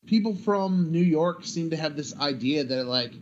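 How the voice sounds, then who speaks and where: A man's voice: on the high side, animated, normal speed, muffled recording, a little hiss or hum. A man co-hosting a podcast in casual chat, rambling along with filler words and false starts. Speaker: podcast co-host.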